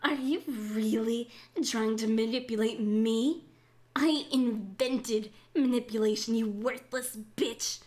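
A woman's voice: fairly high pitch, measured pace, close to an everyday voice. A woman voicing a spiteful winged female fae villain who curses and sneers at humans, in a narrated Minecraft role-play. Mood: scornful. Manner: scornful, cursing, looks down on humans.

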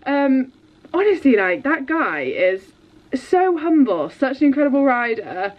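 Excitable woman, rambling vlog chat. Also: high voice, a little slow. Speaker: vlogger and dressage rider. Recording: dull lo-fi sound.

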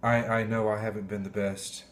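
A man pastor giving a heartfelt, halting sermon, often clearing his throat. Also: on the low side, little pitch movement. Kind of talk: emotional sermon.

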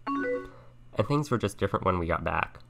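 A young man playing a chat game on stream, thinking aloud and softly reading the messages on screen. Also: low voice, wildly swooping pitch, normal speed, gravelly. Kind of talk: casual let's-play commentary. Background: game music and keyboard typing.

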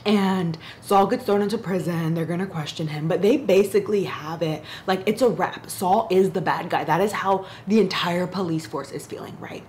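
A woman book vlogger chatting casually on her reading vlog, animated and giggly, gushing with big excited jumps. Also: lowish voice, moderate pace, hardly any pauses, slight background noise.

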